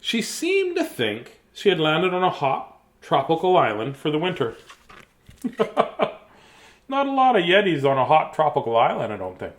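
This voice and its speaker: A man reads a bedtime picture book aloud on a live stream. His voice sits a little high and swings lively up and down. He keeps stopping for chatty, chuckling asides about the pictures. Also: normal speed. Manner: chatty, chuckling asides between read lines. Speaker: storybook reader and host.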